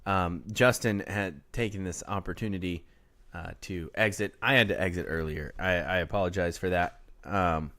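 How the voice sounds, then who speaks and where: A man's voice: sits low, moderate pace, fairly bright tone. A man co-hosting a casual local sports podcast, reading score updates from a live chat in a laid-back way. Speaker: podcast co-host.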